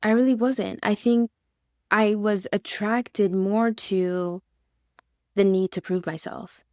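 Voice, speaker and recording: A woman's voice: medium pitch, steady tone, slow, dark tone, no echo, studio quality. A woman in casual podcast chat, telling a personal story and acting out what she once said. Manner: storytelling, acts out her own past words.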